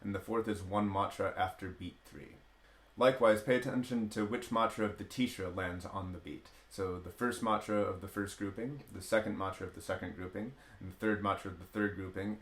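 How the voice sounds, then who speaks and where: Male music teacher, bright edge, patient step-by-step explainer, lots of "uh". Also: low-pitched, moderate pace. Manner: explains step by step with frequent "uh" fillers; chants rhythm syllables in steady counted patterns. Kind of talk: spoken music lesson with rhythm syllables. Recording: roomy echo.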